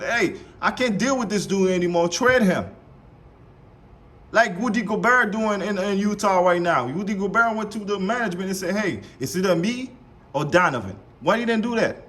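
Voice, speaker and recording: A man reacting live to a debate show clip, heated and animated, repeating himself and swearing. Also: high-pitched. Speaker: reaction streamer.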